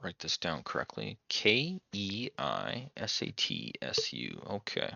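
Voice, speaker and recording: Gravelly low-voiced gaming host. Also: male voice, wildly swooping pitch, takes it slowly, no room sound, muffled recording. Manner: chatty, reads game text aloud, thinks out loud. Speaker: let's-play host. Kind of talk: casual gameplay commentary.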